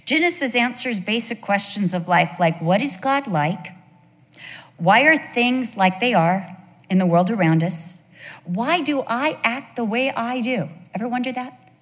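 Animated woman teaching in a reverberant hall. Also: on the high side, unhurried. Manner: animated, conversational storytelling. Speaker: Bible teacher. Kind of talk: sermon.

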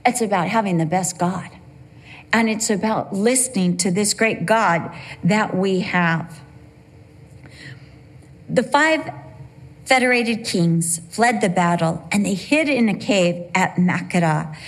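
A woman's voice: mid-range voice, slow, pauses often. A middle-aged woman preaching a sermon in a church, conversational and storytelling, slipping into playful voices when she quotes people. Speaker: pastor.

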